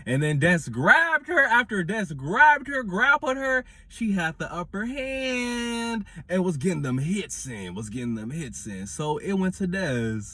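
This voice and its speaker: A man, reviewing a reality show in casual commentary with animated, dramatic retelling. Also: high-pitched, measured pace, hardly any pauses, no room sound.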